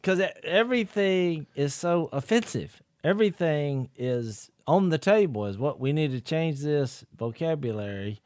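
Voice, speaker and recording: A man's voice: fairly high pitch, moderate pace, hardly any pauses, no room sound, clean studio sound. A man co-hosting a faith podcast, telling stories with energy and acting out quotes. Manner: animated storyteller, acts out quotes loudly. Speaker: podcast co-host. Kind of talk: casual podcast chat about scripture.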